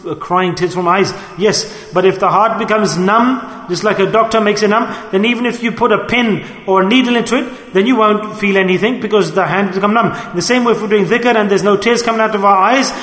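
A man preaching a sermon to a gathering, earnest and pleading, leaning on slow, emphatic repetitions. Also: high voice, fairly bright tone. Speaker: Sufi preacher. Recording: echoey hall.

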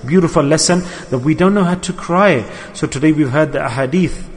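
Man, preacher, high-pitched, emotive storytelling, repeats key words, long hall reverb. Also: brisk. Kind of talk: sermon.

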